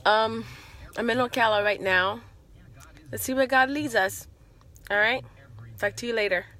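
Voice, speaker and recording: A young woman telling a story in a casual vlog, animated and exclamatory. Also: a little high, a little slow. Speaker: vlogger.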